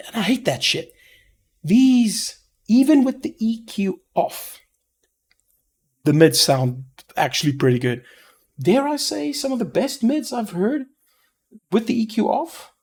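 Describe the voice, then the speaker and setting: A man giving a rambling, profane headphone review, often stopping to correct himself and getting excitable. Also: high voice, husky. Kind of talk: casual review monologue.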